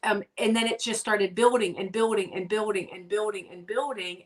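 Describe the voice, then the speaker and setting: A woman's voice: mid-range voice, steady tone, moderate pace, hardly any pauses, distant mic. A woman guest talking earnestly in a casual conversation, with many ums and restarts. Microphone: video call.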